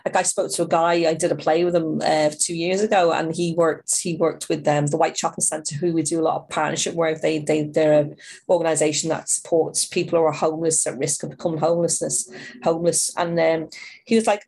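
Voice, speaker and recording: A woman's voice: low-pitched, steady tone, brisk, darkish tone, husky. A middle-aged woman from Ireland, an outreach worker answering interview questions in a rambling way with many restarts.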